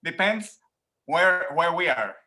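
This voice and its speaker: A man from Rico, a professor answering interview questions in an animated way, laughing often and repeating words as he thinks, talking from home. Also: a little high, slow. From Puerto Rico. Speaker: professor guest.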